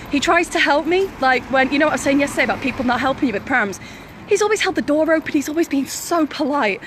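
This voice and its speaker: Bright high-pitched woman, casual live-stream storytelling, laughing, faint background noise. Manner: chatty, laughs often while telling stories. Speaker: vlogger.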